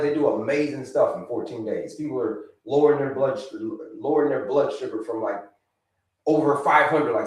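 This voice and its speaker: A man hosting a live health stream, talking with viewers in an energetic, repetitive way and giving them shout-outs. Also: mid-range voice, recorded from a distance. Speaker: livestream host, health coach. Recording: echoey room, away from the mic.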